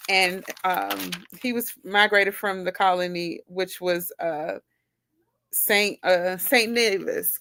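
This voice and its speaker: A woman's voice: mid-range voice, bright, forceful tone, no echo, clean studio sound. A woman from the United States giving an informal, rambling talk, full of fillers and restarts.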